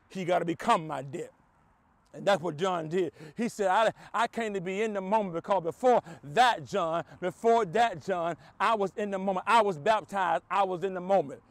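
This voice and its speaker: A man's voice: high-pitched, dry recording. A male pastor preaching a sermon with rhythmic repetition and call-outs to his listeners. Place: church streamed online.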